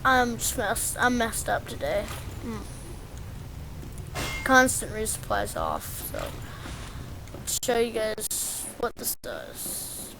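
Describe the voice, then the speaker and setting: A woman's voice: a little high, slow pace, long pauses, noisy background. A woman giving casual, rambling gameplay commentary as she walks through a game guide, often poking fun at herself. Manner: rambling, self-deprecating, easily excited.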